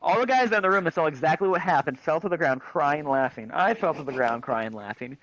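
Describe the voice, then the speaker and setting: Animated male storyteller, crude comic anecdote, bright and lively, dry dull headset mic. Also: on the high side, a little fast, no room sound. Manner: crude, animated, shrieks quoted lines. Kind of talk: comic anecdote told to a crowd.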